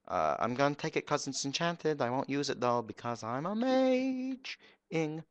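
A young man giving goofy, excitable commentary while streaming a game live. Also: mid-range voice, a little slow, dry recording, muffled recording.

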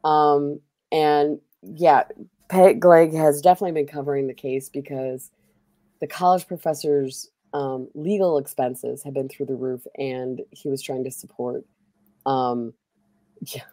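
A woman's voice: sits low, fairly even intonation, measured pace, mellow, no echo. A woman hosting a stream, telling a long story in a chatty, rambling way full of fillers. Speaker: streamer host. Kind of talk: casual chat while playing a game.

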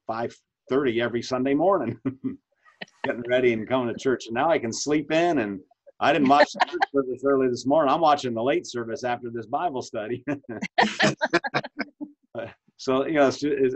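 Husky-voiced pastor on a video call. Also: male voice, medium pitch. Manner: conversational, asks questions, frequent restarts. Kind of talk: leading a Bible study discussion. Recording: dull lo-fi video call audio.

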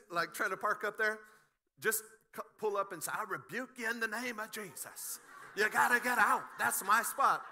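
Middle-aged male pastor, very bright voice, lively sermon with humorous asides. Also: sits high. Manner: animated, joking asides, frequent restarts. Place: church sanctuary.

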